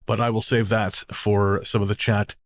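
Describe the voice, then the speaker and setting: A man's voice: on the low side, little pitch movement, normal speed. A man from Canada co-hosting a podcast, chatting casually, telling stories with laughs and the odd swear. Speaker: podcast co-host. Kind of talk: casual chat.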